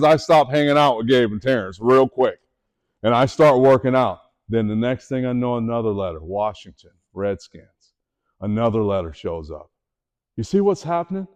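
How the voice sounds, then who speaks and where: A middle-aged man giving a motivational talk to students, telling his story with animation and asking the audience direct questions. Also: on the high side. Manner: animated storytelling, voices the people in his stories. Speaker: motivational speaker.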